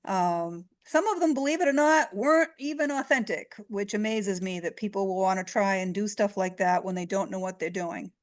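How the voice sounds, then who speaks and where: Middle-aged lady medium, a bit hoarse, chatty storytelling, keeps clearing her throat, mid pitch. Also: moderate pace, hardly any pauses. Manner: chatty, retells exchanges with quoted voices. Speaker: psychic medium guest. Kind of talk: storytelling in an interview.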